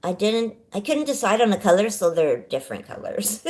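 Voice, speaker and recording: A woman's voice: mid-range voice, big pitch swings, moderate pace, a little mellow. A middle-aged woman from California hosting a casual home livestream, bubbly and chatty, greeting viewers by name and laughing often. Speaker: livestream host. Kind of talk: casual live chat.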